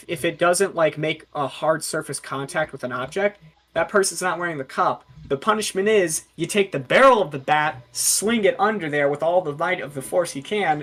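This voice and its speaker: A young man, a baseball umpire, telling stories on a casual podcast in an animated way and acting out the quotes. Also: fairly high pitch. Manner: animated, acts out quotes in character voices.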